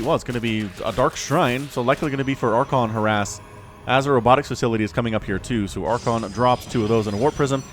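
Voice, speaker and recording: A man casting a strategy video game match on his own, excitable and chatty, laughing often and fighting the hiccups. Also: medium pitch. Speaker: game commentator. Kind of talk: solo esports play-by-play commentary.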